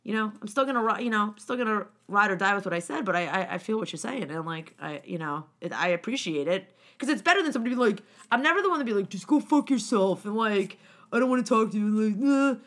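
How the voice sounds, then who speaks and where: Woman, 40s, bright voice, animated, acts out quotes, casual chat. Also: medium pitch, fast talker, few pauses.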